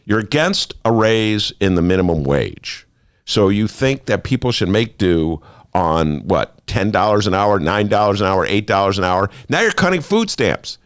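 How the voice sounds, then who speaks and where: Sarcastic, animated male talk host. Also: fairly low pitch, moderate pace, clear, resonant tone, no echo, studio quality. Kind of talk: casual political talk. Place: studio.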